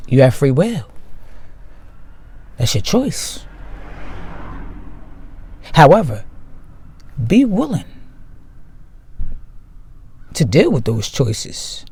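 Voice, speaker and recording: A man giving a slow, emphatic spiritual monologue to his viewers, repeating key phrases for weight. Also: sits high, wildly swooping pitch, darkish tone, breathy edge. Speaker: spiritual video host.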